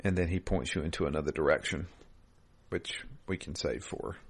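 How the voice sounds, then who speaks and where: A man co-hosting a casual gaming podcast over a remote call, relaxed and quick to chuckle, often restarting his sentences. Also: very deep voice, husky. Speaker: podcast co-host. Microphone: remote call mic.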